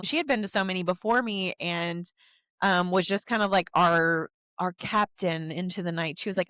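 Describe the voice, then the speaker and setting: A woman's voice: lowish voice, moderate pace, no room sound. A young woman, co-hosting a casual podcast chat and telling stories with acted-out quotes. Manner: animated storyteller, acts out quotes in changed voices. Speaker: podcast co-host.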